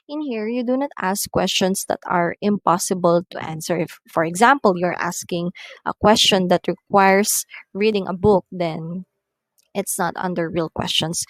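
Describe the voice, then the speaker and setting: A woman's voice: mid-range voice, no echo. A woman English teacher giving a recorded lesson on intonation and reading numbered example sentences aloud. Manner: says "so" at the start of many lines.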